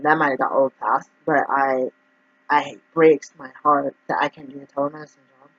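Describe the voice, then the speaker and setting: A man's voice: medium pitch, level tone, moderate pace, a bit bright. A man who works as a naturopath talks through his troubles in a rambling, emotional vlog monologue. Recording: dull, dry lo-fi recording.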